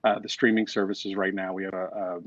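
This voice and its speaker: Guest author: low-voiced man, chatty and self-deprecating, on a dry, muffled video call. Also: little pitch movement, a little fast, no echo. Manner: storytelling, self-deprecating, restarts often. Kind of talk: casual interview chat.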